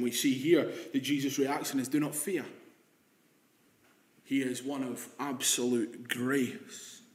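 A man preaching a sermon, dropping to hushed, slow quotes and rising into emphatic passages. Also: a little high. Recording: echoey room.

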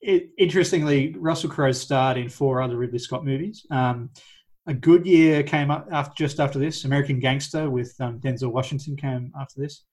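A young Australian man talks films with a co-host in an easy, chatty manner. His voice sits at an ordinary middle pitch, and he pokes fun at himself as he goes. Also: a little fast, a little mellow. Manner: laid-back, chatty, self-mocking. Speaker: podcast co-host. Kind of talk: casual film-review chat.

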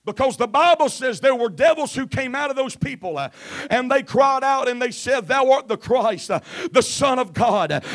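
A man preaching a sermon in church in a chanting, shouted cadence full of "uh" fillers, sometimes dropping to a quiet delivery. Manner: drops to quiet, low delivery at times. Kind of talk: Pentecostal sermon.

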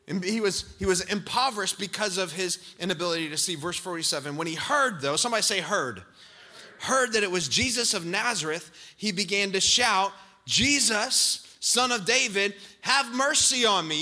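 A man preaching a sermon, rising to shouts as he acts out scripture scenes. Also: high voice. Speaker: pastor.

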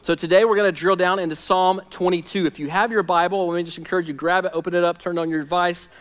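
A male pastor preaching a sermon with a high voice that rings out in a large hall with long reverb. He is emphatic and conversational, going from loud, pressing lines to hushed, close ones. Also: fairly even intonation, fast talker.

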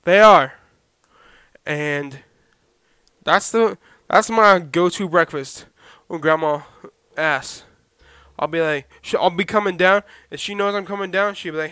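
Young guy yelling through his solo podcast into a messed-up mic, highish smooth voice, dry sound, keeps going "okay?". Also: unhurried, long pauses, no room sound. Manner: loud, talks to listeners with repeated "okay?". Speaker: podcast host. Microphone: poorly set podcast microphone.

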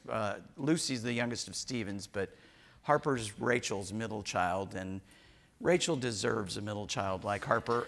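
A man's voice: mid-range voice, a bit bright. An older man preaching a sermon as a pastor, joking and telling stories, acting out little quotes in between. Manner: joking, storytelling preacher who acts out quotes.

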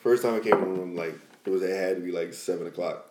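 A man hosting a casual podcast chat, loose and slangy, laughing as he tells stories and dropping low and quiet when he acts them out. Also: steady tone, fast talker, slight background noise.

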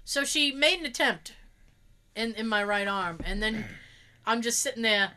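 A woman casually telling an anecdote in an animated, expressive way and swearing freely. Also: a little high, moderate pace.

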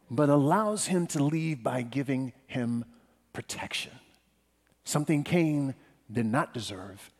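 A pastor preaches a sermon straight to his congregation, alternating between hushed passages and emphatic ones. His voice is medium-pitched, and the sound has a big-room quality.

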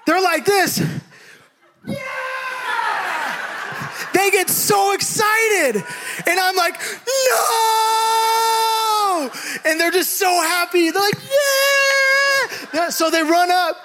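Young male preacher, Bay Area raised, animated storyteller who shouts and laughs mid-sermon. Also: very high voice, slow pace, pauses often, very noisy. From San Francisco Bay Area.

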